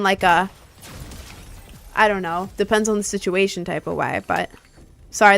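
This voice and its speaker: A woman's voice: on the high side, fairly bright tone, clean tone, no echo. A young woman chatting casually on a live stream while playing a game, rambling and answering her chat.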